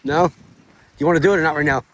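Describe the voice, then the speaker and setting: A man's voice: fairly high pitch, steady tone, fast, slight background noise. Chatty upbeat man vlogging outdoors. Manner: upbeat, chatty, laughs often. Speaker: family vlogger. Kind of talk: casual vlog chat. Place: outdoors in snowy yard.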